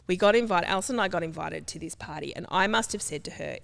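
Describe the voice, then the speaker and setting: A woman, chatting casually as a podcast guest and telling lively stories that jump up in pitch when she quotes people. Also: fast talker, gravelly. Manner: animated storyteller, jumps to high pitch for quoted voices. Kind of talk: casual chat.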